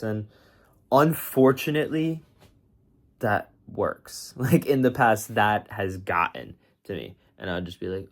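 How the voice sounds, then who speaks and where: A man's voice: mid-range voice, normal speed. A man vlogging in a casual, rambling way, joking with viewers and talking himself into being productive. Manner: rambling, joking, self-motivating. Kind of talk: casual self-talk vlog.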